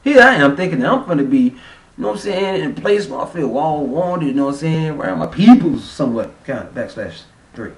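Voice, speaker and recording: A man's voice: on the high side, big pitch swings, brisk, far from the mic. A man vlogger telling a travel story in a casual, profane, rambling way. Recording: roomy sound, off-mic.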